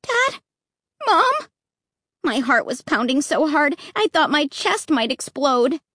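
A woman narrating a children's horror story in the first person with an expressive, suspenseful delivery. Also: high-pitched, measured pace, dry recording, studio quality. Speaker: audiobook narrator.

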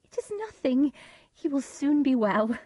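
A woman voicing a cold, controlling queen who speaks in hushed, urgent tones, in a storybook reading. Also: high-pitched, big pitch swings, measured pace, no room sound, voice pushed up.

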